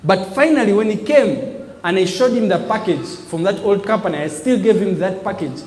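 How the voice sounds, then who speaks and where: A man delivers a motivational business talk to a live audience. His voice sits high, and he drives his points home with call-and-response prompts. The sound rings with the long reverb of a large hall. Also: normal speed. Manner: call-and-response preaching, emphatic, animated.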